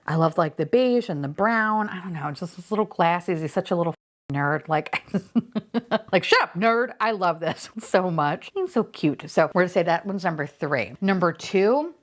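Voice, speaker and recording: A young woman chatting through a toy unboxing, bubbly and foul-mouthed. Her pitch leaps around constantly, from low asides up to high squeals. She talks casually and fast-shifting, like a regular vlogger. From Florida. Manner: gushing, excitable, swears freely, sudden squeals.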